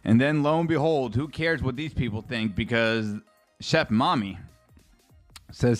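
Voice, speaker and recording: A man's voice: medium pitch, a little slow. A man with a mid-range voice rambles through a casual live reaction stream. He chats loosely with his viewers and swears freely. Faint music plays underneath. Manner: chatty and rambling, swears casually, talks to chat.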